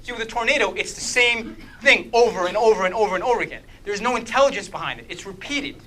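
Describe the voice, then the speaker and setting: This bright, high-voiced man talks fast while leading a church group in an interactive apologetics session. He quizzes the audience with frequent "okay?", keeping things lively, animated and playfully humorous, on a low-quality recording.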